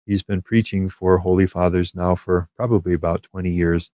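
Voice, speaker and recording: A man giving a calm, measured spiritual teaching on prayer, with small fillers and restarts. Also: deep voice, no echo, dull audio.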